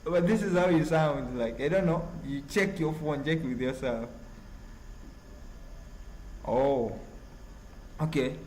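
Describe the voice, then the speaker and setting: A man from Uganda with a Ugandan accent, hosting a casual live stream and reading chat messages in a halting, rambling way full of fillers. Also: fairly high pitch, darkish tone, a little hiss or hum, rough recording.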